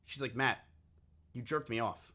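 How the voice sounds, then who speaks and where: A man's voice: mid-range voice, moderate pace, bright, forceful tone. A man streaming live, telling a long personal story to his chat in a crude, candid, casual way, often repeating himself.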